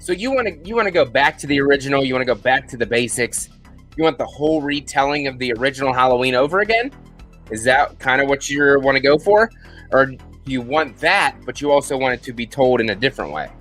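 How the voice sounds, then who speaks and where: Man, live-stream host, lively up-and-down delivery, chatty and rambling, faint music under him. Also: medium pitch, fast. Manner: chatty, rambling, thanks viewers by name. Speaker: livestream host answering viewer questions. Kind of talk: casual live Q&A chat.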